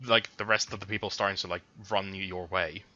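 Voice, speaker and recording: A man with a bright, forceful voice serves as game master, narrating the fight in a casual, chatty way. The recording sounds dull and lo-fi. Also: low-pitched, steady tone, a little fast. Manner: casual, chatty, hums while looking up rules.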